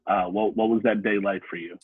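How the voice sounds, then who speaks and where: Husky man on a dry phone-like line. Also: fairly low pitch, steady tone, fairly quick, dry recording. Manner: easygoing, brief affirmations, laughs along. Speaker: podcast interviewer. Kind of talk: casual interview.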